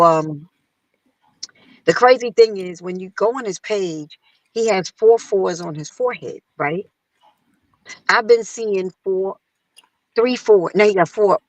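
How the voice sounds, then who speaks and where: Animated woman telling a story. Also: no echo, low-quality recording. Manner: animated, acts out quotes in a higher voice. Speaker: guest singer. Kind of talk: casual storytelling.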